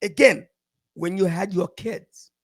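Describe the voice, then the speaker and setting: A man's voice: high voice, slow pace, husky. A man in a casual panel talk who bluntly cuts in and interjects over others.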